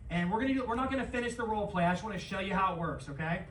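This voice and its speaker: A conference presenter giving an energetic live seminar talk to an audience, quick to call on the crowd. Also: mid-range voice, slight background noise. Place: large conference room, on stage. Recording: echoey hall, voice from far off, faint ambience.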